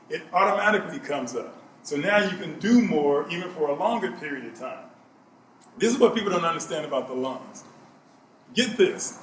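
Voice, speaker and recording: A man's voice: on the high side, a bit bright, a little hiss or hum. Emphatic man giving a health talk. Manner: emphatic, repeats key points. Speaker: health speaker. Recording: echoey room, mic at a distance.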